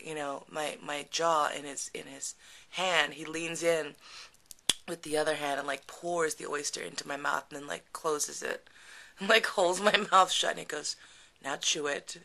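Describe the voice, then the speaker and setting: A woman's voice: low-pitched, normal speed, bright, forceful tone. A woman telling a frank personal story in a casual, chatty way, laughing often and full of fillers. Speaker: podcast storyteller.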